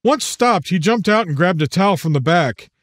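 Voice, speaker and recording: Author-narrator, male, slightly high voice, measured audiobook read, dry booth. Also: no room sound. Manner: measured, even storytelling.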